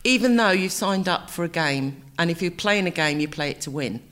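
A woman, co-hosting a podcast in casual chat, talking in quick asides and laughing easily. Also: lowish voice, lively intonation, fairly bright tone. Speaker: podcast co-host.

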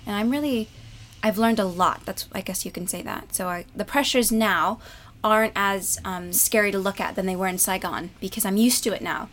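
A woman's voice: mid-range voice, normal speed, a bit bright. Chatty young woman, candid. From United States. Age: young adult. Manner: chatty and candid, laughs easily, restarts often. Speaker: stage actress, interview guest. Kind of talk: casual interview chat.

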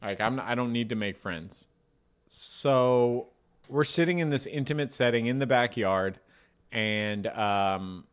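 A man in his thirties tells a sheepish story in a loose, rambling way. His voice sits at an ordinary middle pitch. He keeps mocking himself as he goes. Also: fairly bright tone. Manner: rambling, self-deprecating, laughs through his own story. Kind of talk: casual storytelling chat.

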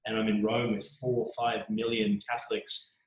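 Australian male journo guest, thirties, lower voice, anecdotal and chatty, echoey room. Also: moderate pace. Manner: chatty, frequent ums, animated anecdotes. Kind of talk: casual interview storytelling. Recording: roomy echo.

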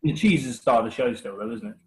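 A man's voice: medium pitch, rapid-fire, poor audio. A man with a West Country English accent, co-hosting a casual podcast chat, teasing and laughing often. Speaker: podcast co-host.

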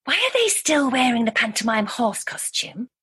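Fussy breathy helper, radio comedy. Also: female voice, a little high, very animated, moderate pace, fairly bright tone, full character voice. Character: fussy, flustered woman helping run a show.

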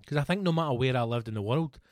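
A man's voice: mid-range voice, expressive, quick pace, no room sound, studio quality, soft background music. A Scottish man in his thirties, swearing freely and rambling through anecdotes in a casual podcast chat. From Scotland. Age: 30s. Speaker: podcast co-host.

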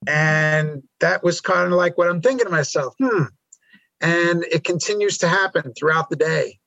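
A man from New York talks as a guest in a relaxed interview, his voice a touch higher than most. He stumbles and repeats words as he gathers his thoughts, recorded dry with little room sound. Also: vocal fry, dry recording, highs cut off. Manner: halting, repeats words while thinking. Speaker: podcast guest, filmmaker. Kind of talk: casual storytelling interview. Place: around a table with hosts.

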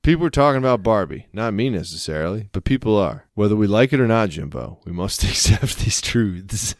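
Man, podcast co-host, casual chat, animated pitch, dry close sound. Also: fairly quick, no echo. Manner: jokey, animated storytelling.

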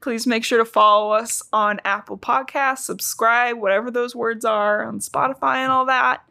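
A woman's voice: fairly high pitch, steady tone, moderate pace, gravelly, pushed and bright. A woman co-hosting a casual podcast, chatty and swearing freely, with a slight lisp. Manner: chatty, swears, laughs often. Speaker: podcast co-host. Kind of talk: casual chat.

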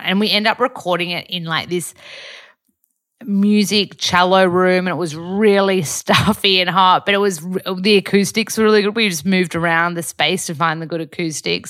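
A woman's voice: sits low, fairly bright tone. A young Australian woman hosting her own podcast, chatting in an effusive, casual way with plenty of fillers. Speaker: podcast host. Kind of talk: casual solo podcast chat.

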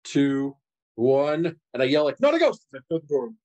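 A man plays his character in a tabletop game, lively and animated. His voice sits at an ordinary middle pitch, and he often leaps into high, excited lines. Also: brisk, lo-fi sound. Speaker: player.

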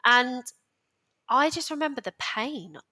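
A young British woman with a bright, ringing tone tells her story as a podcast guest. She rambles, restarts sentences and sounds candid and emotional in casual conversation. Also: high-pitched, lively intonation, measured pace.

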